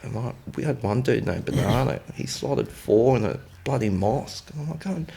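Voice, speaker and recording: A man's voice: mid-range voice, lively intonation, normal speed, gravelly, dark tone. An Australian man telling war stories as a podcast guest, blunt and swearing freely as he acts out dialogue. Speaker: podcast guest, former military contractor. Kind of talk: casual storytelling.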